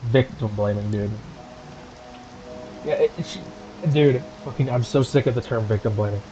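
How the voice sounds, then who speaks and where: A man's voice: medium pitch, normal speed, dark tone, dull audio, soft background music. A man streaming from home, ranting angrily and sarcastically with heavy profanity as the channel's host.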